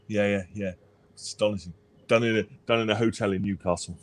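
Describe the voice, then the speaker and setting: A man's voice: on the low side, steady tone, a little fast. A man, co-hosting a casual album review chat, rambling and hesitant. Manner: rambling, hesitant, laughs easily. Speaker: podcast co-host.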